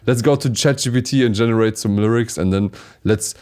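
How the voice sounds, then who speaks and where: A man with a German accent co-hosting a casual beatbox review chat, talking haltingly with many fillers and restarts. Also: medium pitch, a little mellow, smooth. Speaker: beatboxer co-host reviewing battles.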